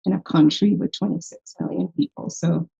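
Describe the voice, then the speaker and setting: A fairly low-pitched woman with a softened Irish accent speaks as a podcast interview guest, telling her story earnestly. The audio is a little dull and lo-fi. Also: normal speed, creaky. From Ireland. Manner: earnest storytelling, lively quoted voices. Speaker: guest, health tech founder.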